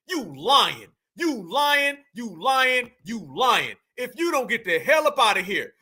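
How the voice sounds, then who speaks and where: High, bright-voiced mocking man host. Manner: mocking, emphatic, laughs at clips. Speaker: livestream host. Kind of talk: reaction commentary livestream.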